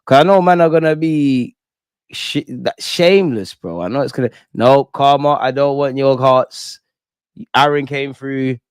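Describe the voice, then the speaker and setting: Excitable young man ranting. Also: mid-range voice, measured pace, smooth, no echo, clean studio sound. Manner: excitable, slangy, swears, reads chat aloud. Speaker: football fan channel host. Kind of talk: live post-match reaction stream.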